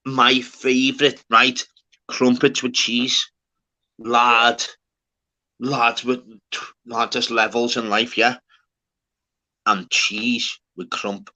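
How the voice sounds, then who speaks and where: A bright, forward-voiced man from the north of England rambles away in laddish chat, swearing freely. He talks like a livestream host chatting with his viewers and his co-host. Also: mid-range voice. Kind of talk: casual chat.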